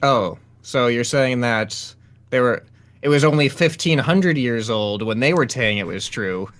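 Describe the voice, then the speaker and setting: A man's voice: medium pitch, lively intonation, unhurried, fairly bright tone. A man in a casual chat, making dry jokes and laughing at his own quips.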